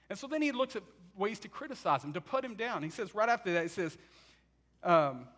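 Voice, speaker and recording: A man preaching a sermon, telling the story in an animated way and acting out what people say. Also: high voice, fast talker.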